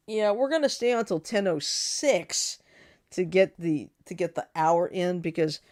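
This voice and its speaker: A woman co-hosting a casual talk show, chatting with animated delivery and frequent laughter. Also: on the low side. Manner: animated, laughs often, quotes cartoon lines. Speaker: podcast co-host. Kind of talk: casual chat.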